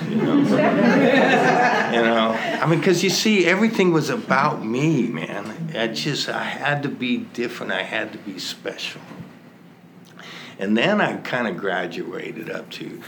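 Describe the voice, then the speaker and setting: A man telling his own recovery story in a slow, conversational, self-mocking way, often breaking into laughter. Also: medium pitch, big pitch swings, noisy background. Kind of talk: storytelling testimony.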